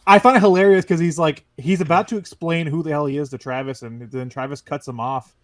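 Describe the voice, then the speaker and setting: A man's voice: fairly high pitch, fairly even intonation, a little fast. A man hosting a casual gaming podcast, telling stories animatedly and laughing often. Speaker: podcast host. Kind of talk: casual chat.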